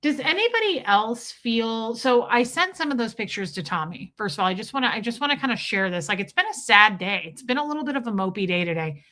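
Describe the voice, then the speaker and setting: Middle-aged woman, livestream host, bright tone, chatty and heartfelt, breaks off to greet viewers. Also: on the high side, expressive, a little fast, few pauses. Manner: chatty and emotional, greets viewers by name mid-story. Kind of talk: casual livestream chat.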